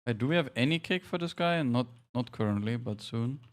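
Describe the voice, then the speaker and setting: A man in a relaxed live-stream, chatting and laughing at himself as he plays. He keeps giving quick directions to teammates between jokes for his viewers. His voice sits at an ordinary middle pitch for a man. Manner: chatty, jokey, self-deprecating, directing teammates. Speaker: streamer leading a game team. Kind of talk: casual live-stream gaming chat.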